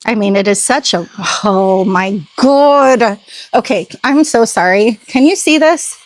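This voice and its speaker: A sassy woman cleaning up a car in her home driveway talks to her phone on a tripod in casual vlog style, often drifting into rants. Her voice is on the high side and expressive, her pace moderate, and the recording dry.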